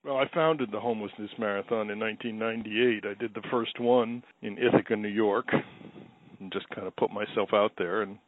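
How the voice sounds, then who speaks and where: A man's voice: on the low side, fairly even intonation, brisk, slight background noise. A man being interviewed about founding a broadcast, talking in a reflective, plainspoken way. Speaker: founder of a radio event. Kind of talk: recorded interview. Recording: tinny dry phone line.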